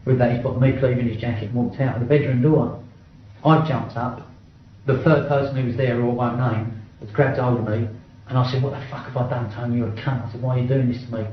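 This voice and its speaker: A man's voice: mid-range voice, steady tone, a little fast, slight background noise. A middle-aged man giving a blunt first-person account in an interview, swearing often and stumbling over restarts. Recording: very echoey, dull-sounding room recording.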